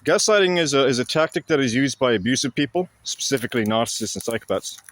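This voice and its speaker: A man talking to camera in a casual explanatory monologue, halting and blunt, with frequent fillers and restarts. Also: mid-range voice, expressive, fairly bright tone. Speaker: vlogger.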